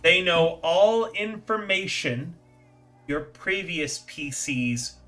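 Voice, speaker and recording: A man running a tabletop game on stream, teasing his players and laughing easily. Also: fairly high pitch. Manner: teasing, animated, quick to laugh.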